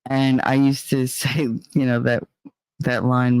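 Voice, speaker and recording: A woman's voice: rumbling low, level tone, slow, darkish tone, clear, resonant tone, dry recording. A woman hosting a casual livestream chat, venting bluntly and swearing heavily as she talks. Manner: profane, heated and blunt. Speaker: livestream host.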